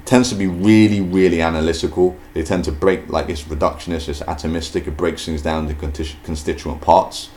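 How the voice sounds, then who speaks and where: A man with an extremely deep, low voice talks through ideas in an unscripted, thinking-aloud way. He hesitates often, with fillers and restarted phrases. A faint noise sits under the recording. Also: fairly even intonation, fairly quick, hardly any pauses, darkish tone. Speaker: video host. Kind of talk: casual spoken commentary.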